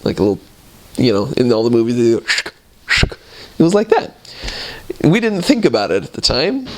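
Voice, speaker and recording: A man casually telling a story, animated and laughing often as he goes. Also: medium pitch, moderate pace, rough recording.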